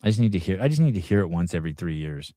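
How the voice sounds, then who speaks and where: A man's voice: low-pitched, very animated, racing, warm tone, no room sound, clean studio sound. A middle-aged man hosting a live podcast, telling rambling, profane stories in a casual chat. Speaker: podcast host.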